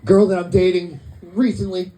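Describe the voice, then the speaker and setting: A man performing a stand-up comedy set in a club, telling stories in a deadpan way and quoting the people in them. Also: high-pitched, moderate pace, roomy sound, low-quality recording. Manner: deadpan storytelling with quoted voices.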